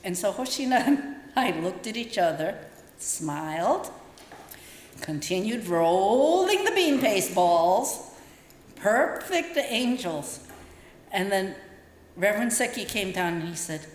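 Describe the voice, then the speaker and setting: A woman's voice: medium pitch, animated, slow, pauses often, slight background noise. Older woman telling a story in a temple hall. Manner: storytelling, acts out voices in quotes. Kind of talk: dharma talk with personal stories. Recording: roomy hall echo, faint ambience.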